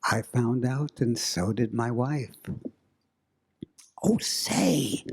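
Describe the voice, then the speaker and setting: A man telling a spooky story live, slow and dramatic with suspenseful pauses. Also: mid-range voice, husky.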